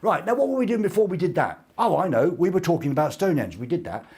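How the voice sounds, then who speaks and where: Husky, lively playful male host. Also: sits high, quick pace. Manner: playful, jokey, mock-dramatic. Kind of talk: casual live-stream chat.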